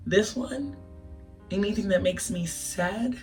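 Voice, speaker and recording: A woman's voice: medium pitch, slow. Emotional young woman telling a story. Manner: animated, emotional, laughing through tears. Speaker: vlogger. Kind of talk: casual storytime. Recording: distant mic with music behind.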